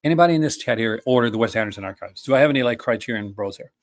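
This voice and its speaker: A male live-stream host chatting casually and enthusiastically with his viewers. He rambles, restarts his sentences and fills gaps with ums and uhs. His voice sits in a middle pitch range. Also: rapid-fire.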